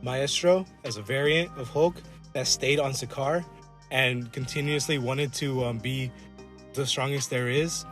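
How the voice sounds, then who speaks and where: A man co-hosting a casual podcast, rambling and swearing as he riffs and acts out characters in quick asides. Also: medium pitch, fairly even intonation, a bit bright, soft background music. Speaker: podcast co-host. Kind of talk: casual chat. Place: collectibles shop.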